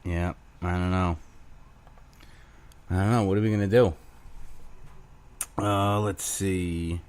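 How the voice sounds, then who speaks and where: A man's voice: low voice, steady tone, slow, a little mellow, clear, resonant tone. A man hosting his own show alone, rambling crudely with self-mocking humor. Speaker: podcast host. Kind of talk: casual solo rambling.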